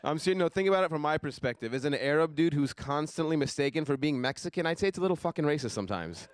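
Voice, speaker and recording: A young man doing a stand-up comedy set on a live stage, deadpan, dropping his voice low for asides. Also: fast talker, some chatter behind.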